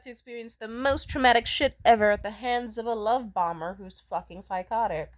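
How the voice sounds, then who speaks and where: A woman's voice: a little high, a little fast, hardly any pauses. A woman in her twenties venting in a rambling, profanity-heavy personal rant. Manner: profane, rambling, emotionally charged. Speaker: vlogger. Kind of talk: ranting personal vent.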